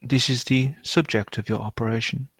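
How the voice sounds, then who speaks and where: A man's voice: mid-range voice, fairly even intonation, normal speed, slightly rough, no room sound. A man voicing a small wire creature that answers in polite, prompt-like announcements, like a helpful assistant.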